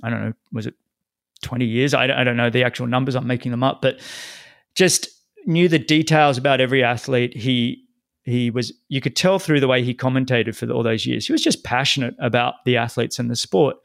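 A man's voice: medium pitch, steady tone, fairly quick, creaky, a bit bright, dry recording, clean studio sound. A middle-aged man hosting an interview podcast, talking earnestly and restarting his sentences often. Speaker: podcast host. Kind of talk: interview conversation.

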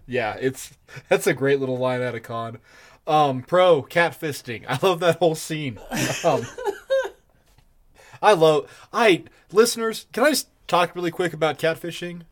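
A man co-hosting a podcast in casual chat, excitable and rambling, laughing often. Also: fairly high pitch, takes it slowly, pauses often. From Colorado. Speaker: podcast co-host.

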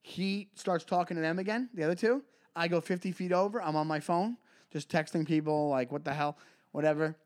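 A man, co-hosting a podcast and telling a story in casual chat, acting out other people in high voices. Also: fairly quick, a little mellow. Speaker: podcast co-host, comedian.

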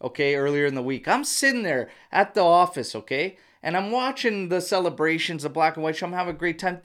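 A man's voice: on the high side, expressive, brisk, few pauses, fairly bright tone. A man hosting a casual podcast, teasing his guest and asking him to share his experience. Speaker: podcast host.

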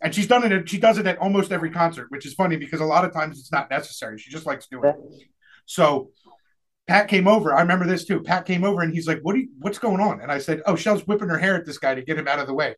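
A young man hosting a podcast, telling a concert story in a casual, animated way with laughter and swearing. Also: fairly high pitch, fast talker. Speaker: podcast host.

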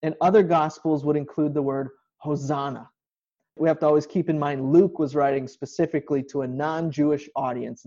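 A man's voice: a little high, warm tone, lo-fi sound. A male pastor giving an informal online sermon from a home kitchen, explaining scripture in a conversational way.

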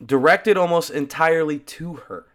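A man's voice: on the high side, normal speed, fairly bright tone. A man co-hosting a casual movie podcast, reacting with jokes and frequent laughter. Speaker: podcast co-host.

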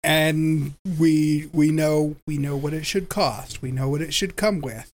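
A man chatting casually on a livestream, giving quick back-channel replies, laughing along and swearing casually. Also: fairly high pitch, steady tone. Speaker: podcast co-host.

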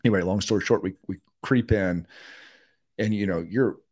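A middle-aged man, a guest in a podcast interview, telling a long story in a casual, animated way and acting out what other people said. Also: on the low side, normal speed. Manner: animated, acts out quotes of others.

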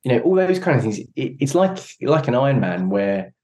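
An endurance cyclist guesting on a podcast talks in a casual conversation, earnest and reflective, often searching for his words. His medium-pitched voice is sing-song and a little mellow, and his pace is fairly quick.

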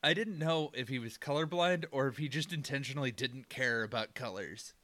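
A man's voice: medium pitch, brisk, sharp tone. A man casually recapping a movie with a friend, meandering with fillers and mock-quoting characters. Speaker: podcast co-host.

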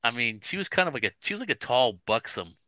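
A man's voice: medium pitch, fast talker, no echo. A man co-hosting a casual podcast, telling stories with lots of restarts and acting out what people said. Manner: animated storyteller, acts out quotes, frequent restarts. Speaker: podcast co-host. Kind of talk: casual chat.

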